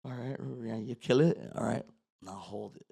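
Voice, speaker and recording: A podcast guest with a fairly low voice tells a long story in a loose, profane way, slipping into Spanish. He speaks at a moderate pace, his voice mellow with vocal fry and a breathy edge, in a casual storytelling style.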